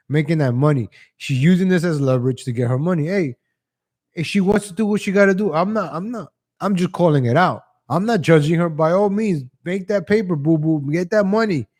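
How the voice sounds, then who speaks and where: Guy ranting on his stream, kinda high voice, rambly, keeps chuckling and saying ladies and gentlemen. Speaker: livestream host. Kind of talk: casual opinion commentary.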